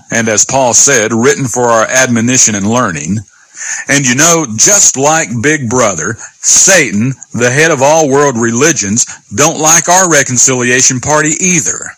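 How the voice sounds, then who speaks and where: A man teaching a radio sermon, emphatic and reading scripture slowly. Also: medium pitch, bright, forceful tone, dry recording, poor audio.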